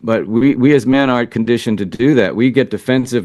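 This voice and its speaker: A man's voice: mid-range voice, a little fast, few pauses, a little mellow, dry recording, studio quality. A man who is a relationship coach for men, answering interview questions in an earnest, reflective way as he thinks aloud. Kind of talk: interview answers, casual advice.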